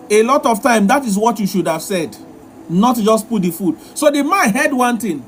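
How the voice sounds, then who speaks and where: Guy with a really high voice lecturing on relationships, hammers the same word over and over. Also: expressive, moderate pace, a little hiss or hum. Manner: repetitive, emphatic, lecturing. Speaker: relationship advice host. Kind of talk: live-stream advice talk.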